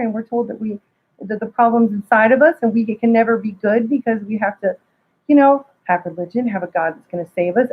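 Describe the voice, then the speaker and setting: Husky woman guest, rambling. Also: fairly high pitch. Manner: rambling, stammering restarts. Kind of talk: casual spiritual talk. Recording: dull lo-fi sound.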